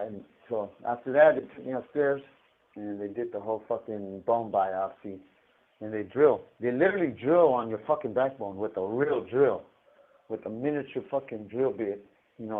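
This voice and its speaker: A man telling a story over a prison collect call, swearing constantly and stumbling over and repeating his words. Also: medium pitch. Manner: profane, rambling, stammers and repeats words. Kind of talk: casual storytelling. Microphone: phone. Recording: tinny prison phone line.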